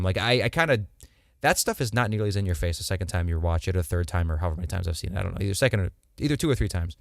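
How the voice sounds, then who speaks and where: A man's voice: fairly low pitch, clean tone, no echo, clean studio sound. A young man co-hosting a podcast, chatting casually and jokingly, full of slang and fillers. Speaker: podcast co-host. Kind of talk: casual chat.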